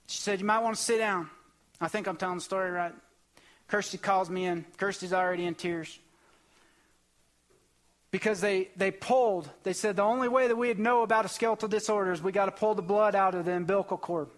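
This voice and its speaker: A man's voice: sits high, steady tone, fairly quick. A young man preaching a sermon, telling a personal testimony with emotional, impassioned bursts. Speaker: pastor.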